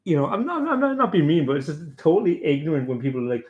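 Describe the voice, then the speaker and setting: A man's voice: a little high, very animated, racing, highs cut off. A young man hosting a casual podcast panel chat, talking bluntly, swearing a lot and mocking other parents in put-on voices. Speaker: podcast host.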